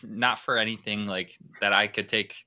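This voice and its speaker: American man, podcast host, bright voice, jokey, laughs often. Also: on the low side, level tone, normal speed. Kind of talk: casual interview chat.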